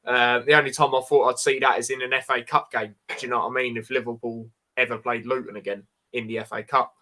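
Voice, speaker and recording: A man's voice: medium pitch, steady tone, quick pace, bright, forceful tone. A man hosting a casual football review, rambling with lots of fillers. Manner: rambling, frequent fillers like "you know" and "man". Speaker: podcast host.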